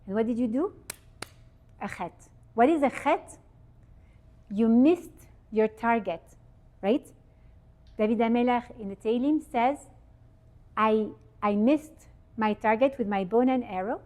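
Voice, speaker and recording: A woman giving an informal religious talk at a holiday event, lively and asking her listeners questions. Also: fairly high pitch, unhurried, long pauses. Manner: lively, asks the audience questions. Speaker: speaker giving a Torah talk. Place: event hall with audience.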